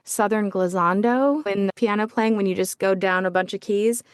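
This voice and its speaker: A woman's voice: mid-range voice, moderate pace, clear, resonant tone, no echo. Thoughtful woman narrator, dry sound. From United States. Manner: thoughtful, vivid, playful storytelling. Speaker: audiobook narrator, guest. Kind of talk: casual podcast interview.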